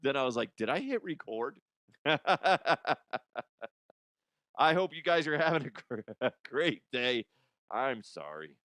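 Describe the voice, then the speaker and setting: A man's voice: medium pitch, animated, takes it slowly, pauses often, a bit bright, no echo, clean studio sound. A man hosting a comedy podcast, rambling casually and laughing at his own jokes. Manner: rambling, giggly, self-deprecating. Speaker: podcast host.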